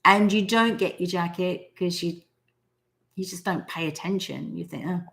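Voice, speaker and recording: A woman's voice: lowish voice, normal speed, creaky, fairly bright tone. Australian woman, 40s, live-stream host, chatty storyteller. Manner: chatty storyteller who acts out quotes. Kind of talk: casual live-stream talk on manifesting.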